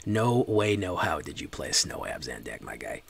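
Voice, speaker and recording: A man's voice: a bass voice, very animated, moderate pace, vocal fry, slight background noise. A man streaming a card game, chatting casually and joking with his chat.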